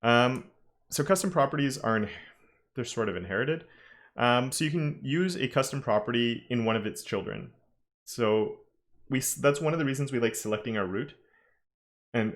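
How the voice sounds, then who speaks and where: A man teaching a live-streamed coding lesson, talking casually and thinking aloud with frequent self-corrections. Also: medium pitch. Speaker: web development instructor.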